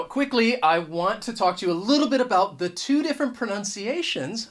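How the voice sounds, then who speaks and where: This is an English teacher giving a relaxed video lesson straight to the camera. The delivery is chatty and unscripted, with frequent small restarts and extra weight on the key points. The pitch sits in a middle range, neither high nor low. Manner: conversational, restarts words often, stresses key points. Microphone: camera mic.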